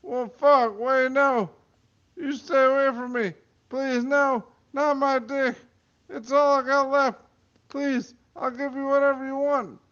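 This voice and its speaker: A man voicing a loud male crook who yells, swears and begs. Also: high-pitched, little pitch movement, a little slow, clean tone, dull audio, pitched above the performer's own voice. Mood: frantic, yelling. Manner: shouting, pleading, swearing. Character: loud panicking male pizza-shop crook.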